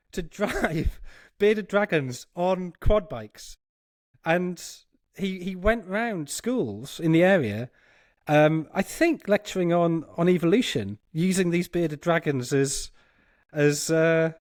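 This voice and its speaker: This man speaks at a fairly high pitch, animatedly telling a long, funny story on a football podcast and laughing along the way. It's anecdotal storytelling captured in studio quality, without any room sound.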